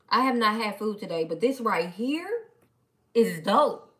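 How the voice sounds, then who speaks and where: A woman chatting casually on a live stream, playful and animated as she talks back to her viewers. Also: medium pitch, a little slow. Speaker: live-stream host reading viewer comments.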